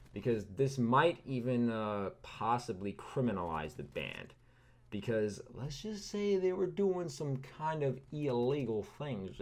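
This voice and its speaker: A man in his thirties from California, telling a rambling, sarcastic story full of fillers and asides over gameplay. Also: fairly low pitch. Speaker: gaming video creator.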